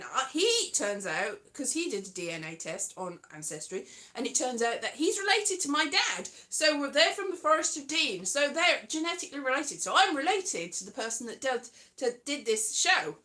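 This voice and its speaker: High, lively self-deprecating woman. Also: moderate pace. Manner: self-deprecating, chatty, slips into sing-song. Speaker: vlogger. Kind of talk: rambling casual monologue.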